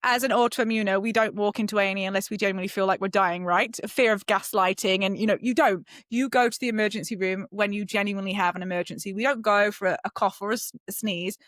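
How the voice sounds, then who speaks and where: A middle-aged British woman, a podcast guest, telling a personal story in a lively way and acting out the voices she quotes. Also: quick pace, hardly any pauses, dry recording, clean studio sound. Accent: British English. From Britain. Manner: lively, acts out quoted voices with sudden high jumps. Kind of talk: animated storytelling.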